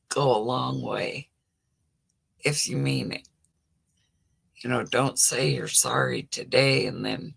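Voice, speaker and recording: A woman's voice: rumbling low, vocal fry, breathy edge. A middle-aged woman hosting a casual livestream chat, rambling with lots of "you know" as she answers viewer comments. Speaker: livestream host.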